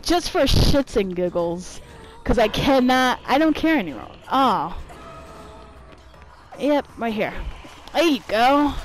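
A woman narrates her gameplay live, swearing and grumbling at the other players. Her voice sits a bit high and swings widely in pitch. She talks at an unhurried pace. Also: sing-song, low-quality recording. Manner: profane, irritated trash talk at opponents. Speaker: gameplay streamer.

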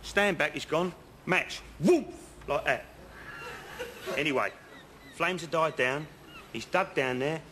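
In an outdoor comedy sketch on a bridge, a man plays a rambling, working-class house painter spinning pointless yarns, chatty and earnest with leading asides. His slightly high voice sounds pushed and bright, and he speaks slowly with frequent pauses. The sketch audio is noisy.

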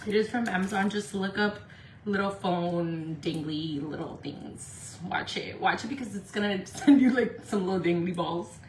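A woman's voice: mid-range voice, normal speed, a little mellow. Woman, casual livestream, chatty, profane, switches into Spanish, echoey room, faint hiss. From Indio, California. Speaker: makeup livestreamer.

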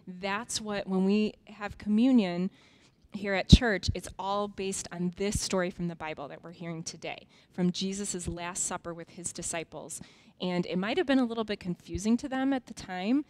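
A woman's voice: medium pitch, a little mellow. A woman teaching a children's Sunday school lesson, casually explaining with fillers and reading a Bible story aloud.

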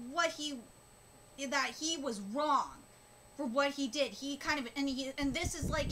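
A woman giving a live reaction commentary as a streamer, emotional and close to tears, talking in halting bursts with many fillers and restarts. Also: high voice, noisy background. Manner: emotional, gushing, on the verge of tears.

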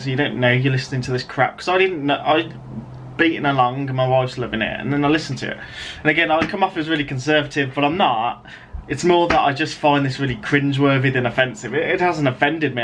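A man in his thirties with an English accent rants through a video commentary, sarcastic and exasperated as he rambles from point to point. His voice sits a little on the high side. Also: a bit bright, slight background noise. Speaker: writer vlogger.

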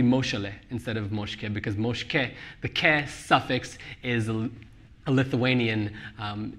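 Author at a live book talk: a man, bright and keen, laughs easily, restarts his sentences a lot. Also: mid-range voice. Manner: laughing, animated, many restarts. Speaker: author discussing his novel. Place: live event venue with audience.

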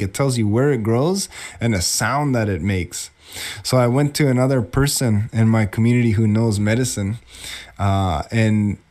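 A man gives a casual lesson for primary-school children, his voice sitting in a middle pitch. He tells a family story about a plant and acts out the voices of the people in it. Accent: Anishinaabe community English. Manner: animated, acts out quoted voices. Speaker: teacher.

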